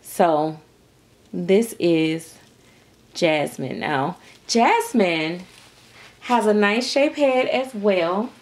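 Woman vlogger, unhurried, gushing chat to viewers. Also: medium pitch, animated. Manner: gushing, exclaims often, speaks to viewers as "y'all" and "baby". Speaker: reborn doll artist. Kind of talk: casual vlog chat.

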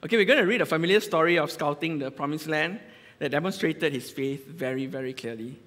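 A man's voice: a little high, a little fast, fairly bright tone. A man with a Malaysian English accent preaching a casual, conversational sermon, joking and often restarting his sentences. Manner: chatty, joking, full of restarts. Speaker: lay preacher. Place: church hall. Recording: long reverb of a church hall.

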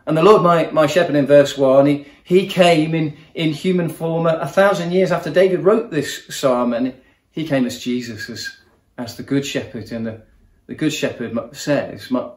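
A man gives an earnest sermon in a warm, personal manner. His voice sits at a middle pitch, and the recording carries a noticeable room echo around him. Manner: earnest, personal, repeats words while speaking. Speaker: guest preacher.

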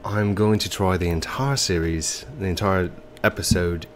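A let's play host with a stuffy, congested nose commentates a video game in a put-on English accent, hesitating with ums and self-corrections. His voice sits low and steady at a moderate pace, with a little hiss or hum in the recording.

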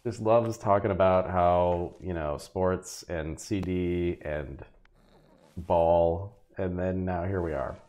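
A man's voice: low voice, slow, a little mellow. A man streaming a game and chatting casually, laughing often and exclaiming at what happens on screen. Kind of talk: casual gameplay commentary.

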